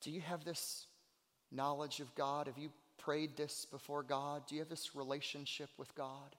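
Loud preacher swinging to hushed tones. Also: male voice, on the high side, little pitch movement, a little slow. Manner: swings between loud earnest cries and hushed near-whispers; repeats phrases for emphasis. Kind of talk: sermon. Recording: long hall reverb.

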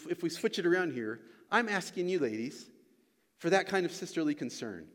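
A man's voice: fairly high pitch, sing-song, moderate pace, fairly bright tone. A man preaching a sermon as pastor and church elder, earnest and repeating his key lines for emphasis. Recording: long reverb of a large hall.

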